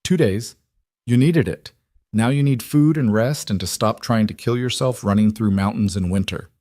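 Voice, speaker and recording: A man voicing an older woman midwife who speaks with blunt, calm authority. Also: on the low side, normal speed, dry recording, studio quality, natural voice. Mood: blunt, firm. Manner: blunt, commanding.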